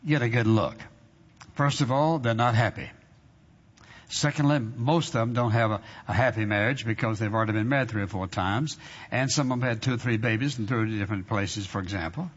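A male pastor preaching a sermon with emphasis, drawing out scripture readings slowly and repeating phrases for effect. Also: on the low side, slightly rough. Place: church sanctuary. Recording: dull sound in a long-reverb hall.

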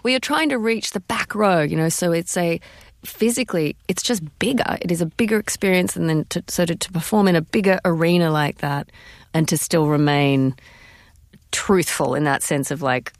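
A woman's voice: fairly low pitch, moderate pace, dry recording, studio quality. A woman, a stage actress, answering interview questions with enthusiasm, laughing often and restarting her sentences.

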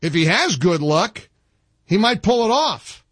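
A man hosting a talk radio show, commenting forcefully and repeating phrases for emphasis. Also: high voice, very animated, unhurried, slightly rough, no room sound. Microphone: studio microphone.

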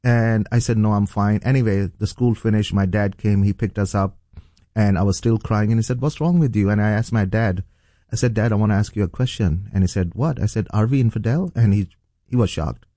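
A man's voice: lowish voice, a little fast, warm tone, no echo, studio quality. A middle-aged man from Pakistan, a pastor telling his personal testimony earnestly, with frequent fillers and restarts. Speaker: pastor and guest.

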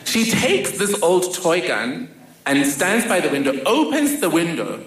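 A woman's voice: on the low side, sing-song, measured pace. A woman from Africa, telling a personal story on stage with wry, dry humor. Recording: roomy hall with faint noise.

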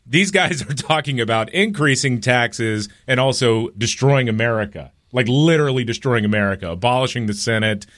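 A man co-hosting a talk radio show, speaking in a fast, emphatic and mocking way as he sets up and comments on news clips. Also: mid-range voice, a bit bright.

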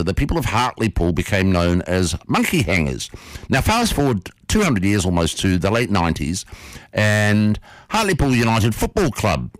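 A man, hosting a radio show and telling a story in a playful, quick way. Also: lowish voice, no echo. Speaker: radio host. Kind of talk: radio storytelling and interview intro. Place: radio studio. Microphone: studio microphone.

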